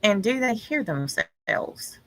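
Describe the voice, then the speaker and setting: A woman ranting in casual livestream commentary, exasperated and pausing often with ums. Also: mid-range voice, sing-song, fairly bright tone, dry recording, low-quality recording. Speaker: online commentator.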